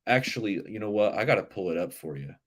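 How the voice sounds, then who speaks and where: A man's voice: on the low side, animated, fast. A man hosting a live sports talk stream, chatting loosely and reacting to viewer comments. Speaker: livestream sports show host.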